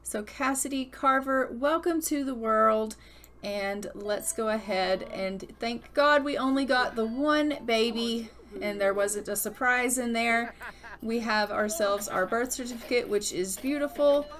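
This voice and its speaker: A woman's voice: a little high, unhurried, fairly bright tone, a little hiss or hum. A young adult woman giving casual, chatty commentary as she plays a life-simulation game. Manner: chatty, storytelling, upbeat. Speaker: gaming YouTuber.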